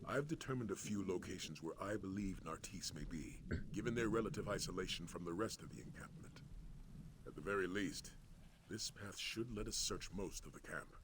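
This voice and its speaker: An actor playing a calm, steady male warrior companion in a video game, speaking in a measured, formal way. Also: sits low, background noise, natural voice.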